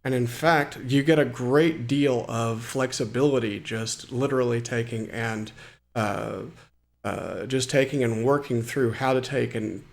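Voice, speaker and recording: Man with a creaky mid voice, hobbyist tutorial host, talks through settings, fills with restarts. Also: medium pitch, unhurried. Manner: explanatory, with frequent fillers and restarts. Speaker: hobbyist programmer demonstrating software. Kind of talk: screen-recorded tutorial walkthrough.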